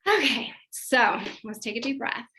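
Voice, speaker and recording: A woman in her thirties leads a parenting workshop as a psychologist. Her voice is bright and clear. She talks chattily, full of "um" and "like," and often restarts her sentences. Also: on the high side, lively intonation, unhurried, poor audio. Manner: chatty and conversational, with frequent fillers and self-corrections. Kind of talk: informal workshop presentation.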